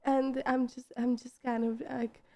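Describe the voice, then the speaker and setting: A woman streamer talking to her chat in a casual, emotional way, tearful and halting, often repeating words and restarting. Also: sits high, level tone, mellow. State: tearful, voice breaking. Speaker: live streamer.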